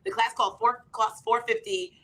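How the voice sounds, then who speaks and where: At a moderate pace, this thirtysomething author and comedian shares animated stories in a conversational setting. She performs the quoted lines, her pitch jumping dramatically.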